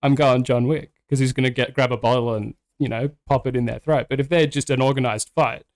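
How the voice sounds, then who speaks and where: A man's voice: mid-range voice, fairly even intonation, brisk. A man, a podcast guest talking casually and rambling through hypotheticals with lots of restarts.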